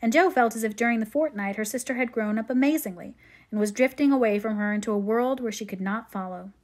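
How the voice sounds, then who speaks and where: A woman reading a classic novel aloud in measured storytelling narration. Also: on the high side. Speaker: audiobook reader.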